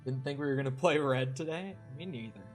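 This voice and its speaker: A young man live-streaming a game, talking loosely to his chat with a voice of ordinary pitch. He drifts between greetings and mild cursing as he plays. Soft music hums faintly behind him. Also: fairly quick. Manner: chatty, swears, talks to chat while playing. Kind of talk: casual live-stream chat over gameplay.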